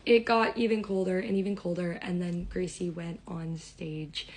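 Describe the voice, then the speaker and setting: A young woman telling a storytime in an excited, rambling way. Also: lowish voice, normal speed, rough recording. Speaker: vlogger.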